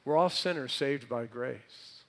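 A man preaching a sermon, quizzing the congregation with questions and swinging between loud emphatic phrases and hushed lines. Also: mid-range voice, measured pace.

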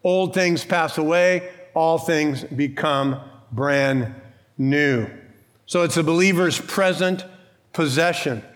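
A man's voice: a little high, takes it slowly. A man who is a pastor, preaching a sermon in a church with an emphatic, conversational style, rhetorical questions and bits of humor.

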